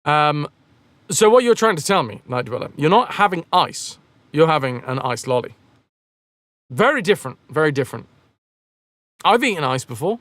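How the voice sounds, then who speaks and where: A man's voice: on the high side, big pitch swings, normal speed, pauses often, fairly bright tone, no echo. A man chatting casually on a game live stream, rambling and joking as he answers chat messages.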